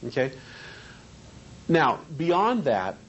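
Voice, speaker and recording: A man's voice: fairly high pitch, very animated, very slow, highs cut off, slight background noise. A man teaching a seminar on hypnosis in a training room, talking conversationally and asking the group questions.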